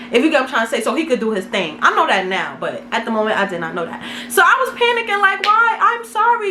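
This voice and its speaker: With a high-pitched, bright voice and forceful tone, a young vlogger from Brooklyn, New York shares a casual, slangy storytime while poking fun at herself. There's slight background noise, and the room echoes.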